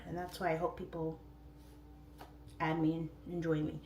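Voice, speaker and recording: Middle-aged woman, low-pitched livestream host, rambling chatty delivery, echoey room, faint hum. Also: level tone, moderate pace, pauses often. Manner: chatty, rambling, warm-hearted talk with frequent "like" fillers; swoops up into high voices when quoting herself. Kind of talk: casual chat. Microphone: phone or webcam.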